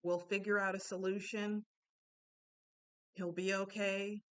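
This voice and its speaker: Slow, smooth-voiced woman giving candid advice. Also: mid-range voice, flat delivery, fairly bright tone. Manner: chatty and candid, with laughs and asides. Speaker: self-help speaker. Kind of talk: casual motivational talk.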